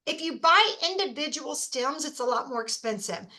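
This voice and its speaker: A woman hosting a casual how-to presentation, chatty and enthusiastic with rambling asides, a little hoarse from talking. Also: high-pitched, animated, normal speed, sharp tone. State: losing her voice. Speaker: host.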